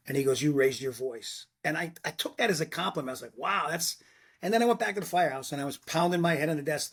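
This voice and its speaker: A middle-aged man tells blunt stories from the fire service and acts out the quotes with animation. His voice sits a little high and sounds husky. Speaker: retired fire lieutenant, podcast guest. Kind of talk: casual storytelling chat.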